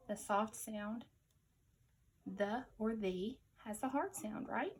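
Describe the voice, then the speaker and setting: Woman, teacher, spelling dictation for kids, very slow, patient, repeats each word, mid-pitched. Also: a little hiss or hum, rough recording. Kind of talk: slow, clear spelling dictation for young children.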